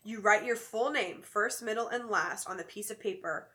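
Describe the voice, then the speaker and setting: A woman's voice: mid-range voice, normal speed, pushed and bright. A woman co-hosting a podcast, chatting casually and joking as she walks through a spooky game step by step. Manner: chatty and joking, explains steps at length. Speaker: podcast co-host. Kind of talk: casual chat.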